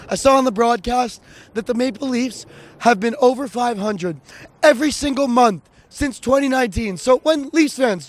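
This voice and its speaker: Man, very high pitch, dry close sound, analytical and impassioned, podcast co-host. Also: no echo. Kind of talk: casual sports podcast chat. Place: outdoors in freezing cold.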